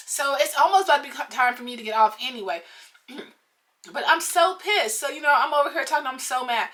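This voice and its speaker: A fairly high, bright and forceful woman's voice, telling a story straight to camera. She talks in loose slang and swears freely, and her animated rant keeps flaring into angry bursts. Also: fairly quick, a little hiss or hum. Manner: animated, profane, slangy retelling with outbursts. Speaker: vlogger. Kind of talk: casual storytime venting.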